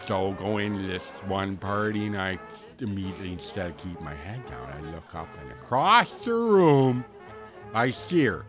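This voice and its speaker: Over music, a man with a low, sing-song voice talks at normal speed as a folksy, rambling storyteller. He packs his comic tall tale with slang and filler words in a playful character monologue.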